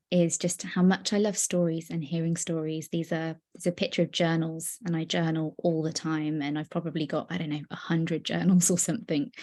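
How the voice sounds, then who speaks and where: A young woman giving an earnest, personal talk on a video call, with many pauses and fillers. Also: low voice, darkish tone. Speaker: guest speaker. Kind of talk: virtual presentation.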